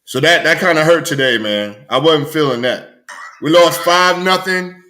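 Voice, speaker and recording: A man's voice: fairly high pitch, moderate pace, pushed and bright. A man hosting his own show, chatting casually and rambling, often repeating himself. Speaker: host. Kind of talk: casual solo show chat.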